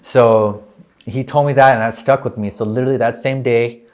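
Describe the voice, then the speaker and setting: A young man from New Mexico, a real estate agent, telling his story in a casual interview, excited and profane, filling his talk with "like". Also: medium pitch, moderate pace. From New Mexico, USA. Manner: excited, profane, heavy use of "like".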